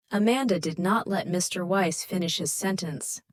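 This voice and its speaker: A woman narrating an audiobook in scripted, expressive storytelling. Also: fairly low pitch, normal speed, hardly any pauses, no room sound, studio quality.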